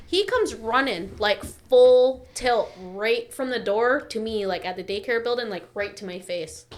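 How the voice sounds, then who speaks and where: An adult woman with a slightly high voice tells a story in loose, casual chat. She swears freely and keeps it animated, slipping into the voices of the people she quotes. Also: moderate pace, few pauses. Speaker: podcast guest, daycare teacher.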